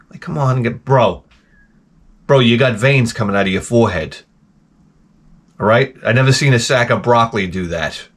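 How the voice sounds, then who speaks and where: A man's voice: mid-range voice, moderate pace, pauses often, fairly bright tone. Profane middle-aged man ranting. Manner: profane, exasperated grumbling. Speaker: show host. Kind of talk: casual ranting monologue.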